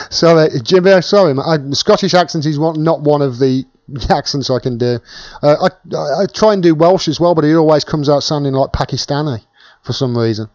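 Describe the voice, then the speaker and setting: A man's voice: a little high, moderate pace, a little mellow, no echo, dull audio. A British man hosting a casual live-stream Q&A, chatting and thanking viewers by name as he reads their comments.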